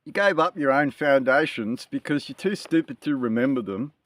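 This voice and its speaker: A man in a ranting monologue, reading scripture aloud and talking in a slow, emphatic, scornful manner. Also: medium pitch, animated, fairly bright tone, dry recording, clean studio sound. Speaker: political and religious commentator.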